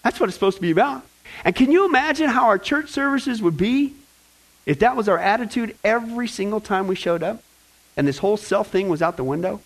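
High-voiced joking male pastor. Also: fairly quick, rough recording. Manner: lively, joking, talks directly to the congregation. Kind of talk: sermon with fill-in-the-blank notes.

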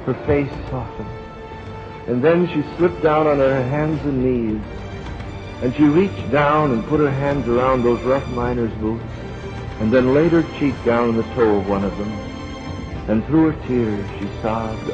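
A man preaching, telling a slow dramatic story that builds to a fervent appeal. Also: mid-range voice. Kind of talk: sermon illustration storytelling. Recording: dull lo-fi sermon recording with music behind.

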